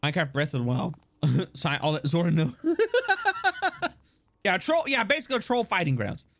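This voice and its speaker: Lively, playful male game streamer. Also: on the high side, quick pace. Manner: rambling and playful, swears, laughs often. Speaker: live streamer. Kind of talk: casual live-stream chat while gaming.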